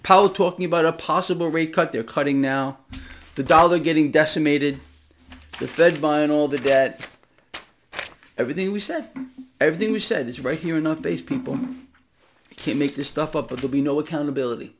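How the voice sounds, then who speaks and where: Gravelly, impassioned man ranting. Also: a little high, fairly quick, pauses often, a little hiss or hum. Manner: impassioned, swinging from loud outbursts to hushed asides. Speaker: financial commentary vlogger. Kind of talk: direct-to-camera ranting monologue.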